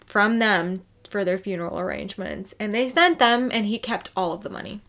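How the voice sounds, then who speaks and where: A woman's voice: mid-range voice, moderate pace, fairly bright tone. A woman co-hosting a casual true crime podcast, telling the story in a loose, swearing, chatty way.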